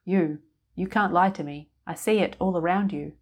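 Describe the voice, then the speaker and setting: A woman's voice: lowish voice, moderate pace, natural voice. A woman voicing a blunt, weary laundromat keeper with second sight, speaking in short, curt commands. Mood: stern.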